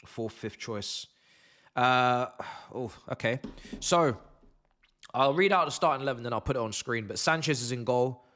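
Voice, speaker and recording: A man hosting a live football watch-along, theatrical and exasperated, swearing freely and lurching from low muttering to shouted outbursts and laughter. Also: normal speed, long pauses. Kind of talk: live fan reaction stream.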